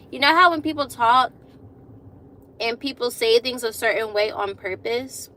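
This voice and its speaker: Bright-voiced chatty young woman on a phone live. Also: on the high side. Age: 20s. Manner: chatty, laughs often, repeats phrases. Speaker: vlogger hosting a live stream. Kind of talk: casual live-stream chat with viewers.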